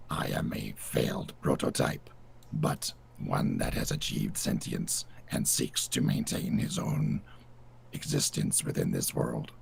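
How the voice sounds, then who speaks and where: Super low croaky robot bard, slow and choppy, whispery and flat. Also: male voice, a little hiss or hum, heavily acted. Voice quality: whispery mechanical monotone. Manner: halting clipped robotic phrasing. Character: male robot construct bard, stiff failed prototype.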